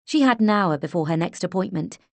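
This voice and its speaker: A woman narrating an audiobook in a measured, unhurried way, close to the mic. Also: lowish voice, expressive, no echo. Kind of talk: scripted narration.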